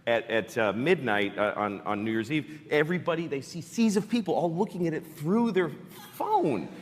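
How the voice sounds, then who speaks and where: A male comedian telling a wry, exasperated story, with sudden loud outbursts. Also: fairly high pitch, expressive, normal speed, echoey room, a little hiss or hum. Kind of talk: stand-up and talk show chat.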